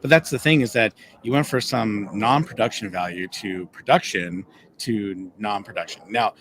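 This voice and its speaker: A man with a fairly low voice co-hosts a casual chat. He talks in an animated way and jumps up in pitch when he acts out what others said. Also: normal speed, noisy background. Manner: animated, acts out quotes in a higher voice. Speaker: podcast co-host.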